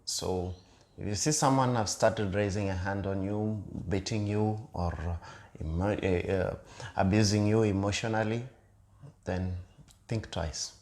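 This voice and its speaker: A man's voice: fairly low pitch, fairly even intonation, a little slow, a little mellow. A man co-hosting a relationship talk with his partner, speaking earnestly and repeating his points with fillers. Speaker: co-host of a couple's channel. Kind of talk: casual chat.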